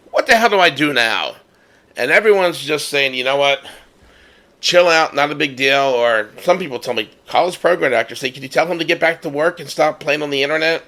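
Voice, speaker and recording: A man hosting a podcast, telling a personal story in a casual, animated way and acting out the voices he quotes. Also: medium pitch. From United States. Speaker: podcast host.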